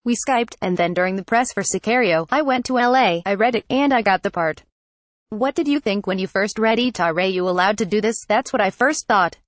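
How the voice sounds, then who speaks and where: A text-to-speech woman's voice reading a news article aloud in an even, machine-read delivery. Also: medium pitch, a little fast, no room sound. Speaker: article reader.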